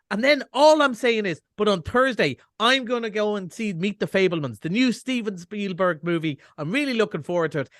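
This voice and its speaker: A man's voice: sits high, a bit bright, no room sound, clean studio sound. A middle-aged Irish man reviewing films on a radio show over a video call, chatty, wry and self-mocking. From Ireland. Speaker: film reviewer. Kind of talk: casual radio chat.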